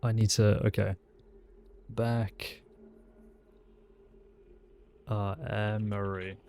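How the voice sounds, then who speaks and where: Streamer, male, low-ish voice, unhurried delivery, faded South Welsh accent, swears casually. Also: little pitch movement, a little mellow, a little hiss or hum. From South Wales. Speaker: streamer playing a sheriff. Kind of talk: casual roleplay chat.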